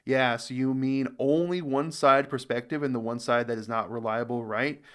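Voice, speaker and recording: An American man hosting a reaction video, reading viewer comments and thinking aloud in a casual, unhurried way with fillers. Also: medium pitch, steady tone, fairly bright tone, clean tone. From United States. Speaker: reaction channel host.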